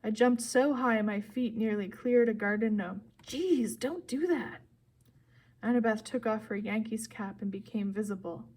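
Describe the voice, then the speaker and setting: A woman reading a first-person story aloud in a steady, clear, expressive narration. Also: medium pitch, moderate pace, few pauses. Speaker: audiobook reader.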